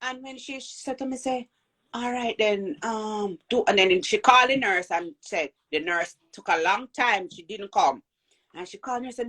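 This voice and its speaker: A woman with a Jamaican accent telling a personal birth story in an animated way, acting out the voices of people she quotes. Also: medium pitch, fast, slightly rough. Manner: animated, acts out quoted voices, repeats and restarts.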